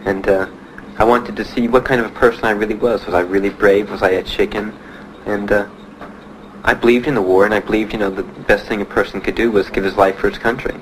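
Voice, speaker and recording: Young man giving halting war testimony. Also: lowish voice, fairly even intonation, slight background noise, low-quality recording. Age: young adult. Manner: plain, halting storytelling with many "uh" pauses. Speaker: Vietnam veteran giving testimony. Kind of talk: personal testimony.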